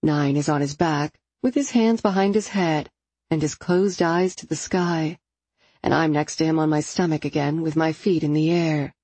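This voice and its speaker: A woman narrating a first-person romance novel in an intimate, expressive storytelling manner. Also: low voice, normal speed, breathy edge, no room sound. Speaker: audiobook narrator.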